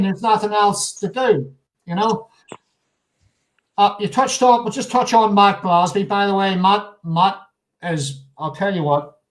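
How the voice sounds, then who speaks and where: Male host, high-pitched, jokey, teasing banter in a casual live show. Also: poor audio.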